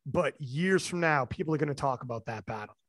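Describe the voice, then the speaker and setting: A man's voice: medium pitch, a little fast. A young man hosting a casual podcast chat, telling stories with energy and swearing freely. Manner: animated storyteller, swears freely, quotes others. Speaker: podcast host.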